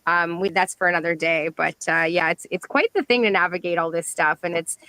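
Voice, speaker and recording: Bright, dry-sounding woman musing aloud. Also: fairly low pitch, a little fast, dry recording, rough recording. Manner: musing, filler-heavy, earnest. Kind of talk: casual live audio chat.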